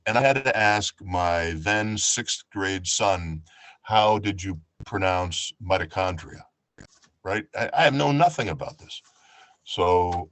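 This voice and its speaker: A man from New York, an audiobook narrator, talking casually over a video call in a relaxed, chatty way. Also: sits low, dry recording. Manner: relaxed, chatty, with fillers and restarts.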